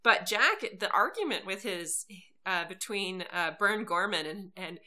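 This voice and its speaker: A woman co-hosting a podcast, recapping a TV episode in animated casual storytelling, often laughing. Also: medium pitch, measured pace. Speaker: podcast co-host.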